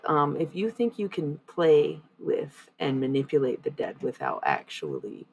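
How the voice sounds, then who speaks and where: A woman's voice: extremely low pitch, gravelly, a little hiss or hum, rough recording. A woman livestreaming oracle card readings, chatting loosely with viewers, using many fillers and swearing bluntly. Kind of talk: casual live-stream chat with viewers.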